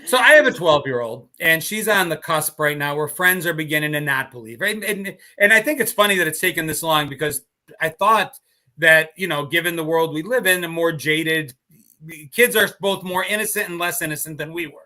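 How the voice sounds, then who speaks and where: A man in his fifties, a podcast co-host, telling stories in casual chat and laughing easily. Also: fairly high pitch. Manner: animated storytelling, quick to laugh.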